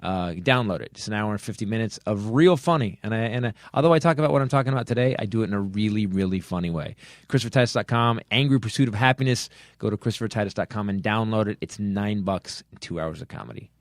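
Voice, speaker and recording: Middle-aged guy, real low voice, cursing a lot on his podcast, dry close sound. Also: fast, few pauses, dry recording. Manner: swears heavily, earnest angry rant with restarts. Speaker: podcast host. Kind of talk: comedy podcast chat and rant.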